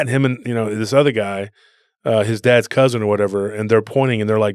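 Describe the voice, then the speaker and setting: A man's voice: mid-range voice, fast, clear, resonant tone, no room sound, studio quality. A man co-hosting a podcast, telling rambling stories in a casual conversational way and often calling people "dude.". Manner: rambling storyteller, says "dude". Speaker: podcast co-host.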